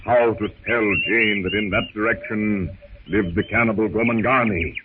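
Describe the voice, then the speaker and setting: Low-voiced 1930s radio narrator, man. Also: fairly even intonation, narrow, tinny audio. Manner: measured, descriptive. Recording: scratchy 1930s radio with hiss.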